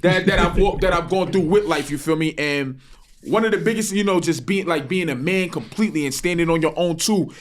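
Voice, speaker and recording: A man's voice: on the high side, fairly quick, a little hiss or hum. A young man with a New York accent, telling stories animatedly in street slang on a casual podcast. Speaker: podcast host.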